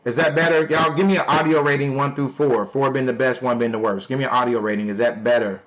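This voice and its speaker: A man hosting a live stream, talking loudly and playfully to his viewers in a casual sales pitch. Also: steady tone, fast, muffled recording. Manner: loud, playful, talks to chat. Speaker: livestream host.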